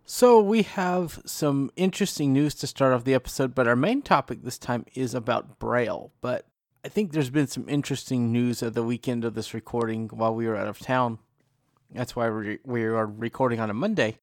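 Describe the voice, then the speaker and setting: A man's voice: mid-range voice, normal speed, no echo, clean studio sound. Upbeat man hosting a podcast. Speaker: podcast host. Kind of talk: casual panel chat.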